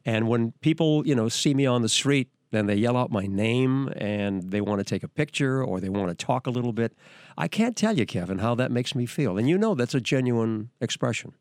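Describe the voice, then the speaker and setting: An older man telling stories on his podcast, his pitch swinging widely as he gets excited. He talks enthusiastically with many restarts, recorded close and dry in a studio. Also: a little fast, no echo. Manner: animated, enthusiastic storyteller with frequent restarts. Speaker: host, veteran news anchor. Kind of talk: podcast storytelling.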